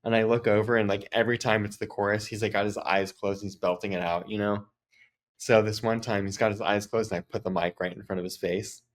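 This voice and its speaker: Chatty low-voiced man telling a story. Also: steady tone, fast. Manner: chatty, frequent "like" fillers. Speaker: podcast host. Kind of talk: casual storytelling.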